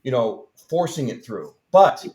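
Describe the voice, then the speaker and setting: A man's voice: mid-range voice, very animated, unhurried, warm tone. A man earnestly explaining a healing practice in casual interview talk, often checking in with "right?". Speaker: guest healer. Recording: roomy echo.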